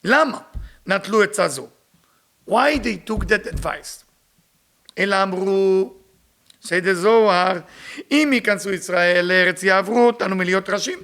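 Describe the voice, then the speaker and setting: Emphatic teacher, man, gravelly. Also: sits high, rapid-fire, pauses often, fairly bright tone. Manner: emphatic, repeats rhetorical questions. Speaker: Kabbalah teacher. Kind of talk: spiritual lecture reading and translating Hebrew text.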